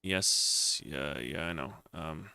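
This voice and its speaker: A man's voice: very deep voice, takes it slowly, gravelly, pushed and bright, a little hiss or hum. A man streaming a retro computer game, muttering to himself in casual commentary as he plays. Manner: muttering to himself while playing. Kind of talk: casual let's-play commentary.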